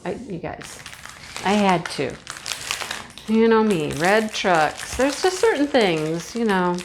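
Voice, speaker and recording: Slow, chatty, giggly woman vlogger. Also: mid-range voice. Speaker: crafting vlogger. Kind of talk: casual unboxing chat.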